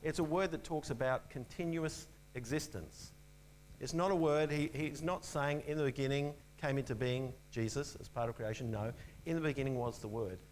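A man preaching with earnest emphasis, often repeating his key phrases and sinking into a soft, low voice to land them. His pitch sits in an ordinary middle range. A faint hum runs beneath the recording. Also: moderate pace, rough recording. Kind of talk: sermon.

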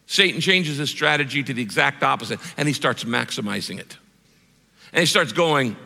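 A male pastor preaching a sermon in an animated, direct way, full of repeated words and questions to the listeners. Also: a little high, normal speed, creaky, big-room sound.

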